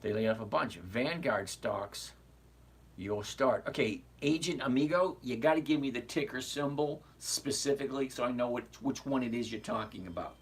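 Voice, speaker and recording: A man's voice: medium pitch, normal speed, husky. A man in his sixties hosting a casual investing livestream, chatty and greeting viewers by name as he goes. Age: 60s.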